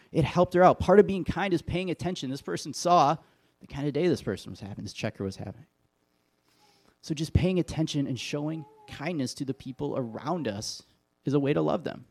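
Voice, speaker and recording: A man's voice: medium pitch, darkish tone, breathy edge. A middle-aged man from Wisconsin giving a sermon, telling stories with self-deprecating humor in an easy conversational way. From Wisconsin, USA. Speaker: pastor.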